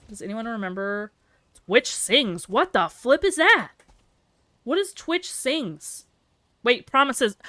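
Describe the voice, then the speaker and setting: A woman live-streaming a game, chatting casually and playfully with her viewers and reacting out loud to the action. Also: fairly high pitch, no room sound. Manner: chatty and playful, breaks into yelps and laughter. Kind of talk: casual live-stream chat while gaming.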